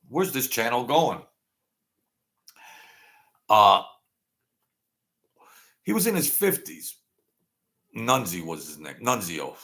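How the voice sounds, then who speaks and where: Slow gravelly man in his sixties. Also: on the low side, a bit bright. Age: 60s. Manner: chatty, self-mocking, chuckles often. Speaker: channel host. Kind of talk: rambling casual monologue.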